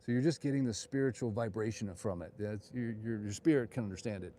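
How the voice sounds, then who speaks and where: A man's voice: on the low side, fast, warm tone. Rambling middle-aged man on a night walk. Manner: rambling, digressive, chatty asides. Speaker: realtor hosting a walking tour. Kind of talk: live walking-tour vlog. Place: outdoors on a town street at night. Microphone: phone.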